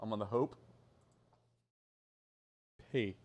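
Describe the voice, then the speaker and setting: A man's voice: on the low side, slow, muffled recording. A man co-hosting a casual food podcast, offhand and mumbling, with the odd swear. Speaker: podcast co-host. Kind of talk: casual chat.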